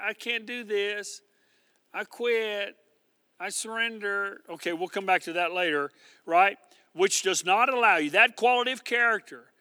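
A man's voice: high-pitched, sharp tone, no room sound, in a large hall. A male pastor preaching a sermon, emphatic and repetitive, calling the congregation to respond.

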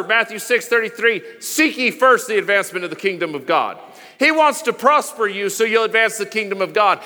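A man preaching a sermon as pastor, emphatic and repetitive, chanting phrases and sometimes shouting. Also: extremely high pitch, big-room sound. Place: church sanctuary.

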